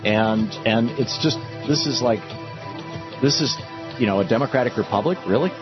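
A man hosting a political talk radio show, speaking in an animated, sarcastic way that climbs into outrage. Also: mid-range voice, moderate pace, muffled recording, over music. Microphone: studio microphone.

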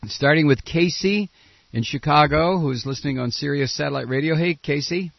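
A man hosting a talk radio show, reading listener mail and taking calls in a blunt, animated way. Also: fairly high pitch, moderate pace, creaky, no echo, dull audio.

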